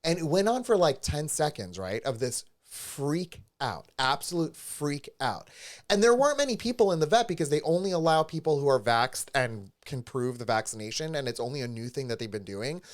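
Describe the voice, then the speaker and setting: This podcast co-host, recording in a studio that's streaming live, spins an animated story in casual conversation and performs the voices of those he quotes. His a-little-high voice is sing-song at normal speed.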